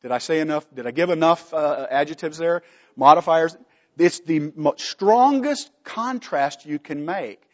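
A man's voice: fairly high pitch, expressive, measured pace, a little mellow, big-room sound, muffled recording. A man teaching a Bible study from slides, emphatic, putting questions to the class and answering them himself.

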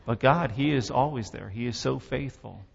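A man's voice: mid-range voice, moderate pace, vocal fry, husky, dull audio, some chatter behind. Impassioned man preaching in an echoing hall. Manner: impassioned storytelling with dramatic swells. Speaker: preacher giving testimony. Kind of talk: sermon testimony.

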